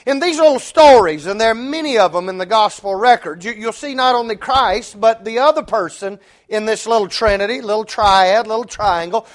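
A male preacher, delivering a sermon and telling a story with rising intensity. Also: normal speed. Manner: storytelling, rising in pitch and force for the punchline.

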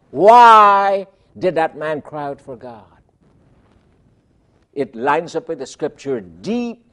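Male preacher, high lively delivery, slow deliberate sermon pacing, emphatic rhetorical style. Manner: emphatic, rhetorical questions, big swings in loudness.

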